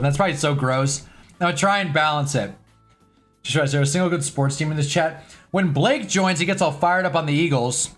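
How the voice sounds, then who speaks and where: A man's voice: fairly high pitch, normal speed, long pauses, fairly bright tone, soft background music. A man hosting a casual live sports stream at his own desk mic, loose and chatty, swearing now and then and talking to his chat.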